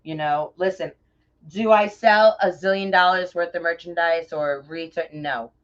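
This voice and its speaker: A middle-aged woman from New York with a New York accent, chatting warmly and effusively with viewers by name while crafting on a livestream. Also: lowish voice, a little slow. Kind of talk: casual livestream chat while crafting bows. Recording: dull lo-fi livestream audio.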